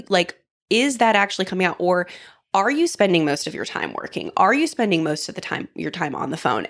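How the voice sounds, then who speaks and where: Woman, 30s, interview guest; candid, reflective, emphatic, slightly low pitch. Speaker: podcast guest. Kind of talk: casual conversational interview.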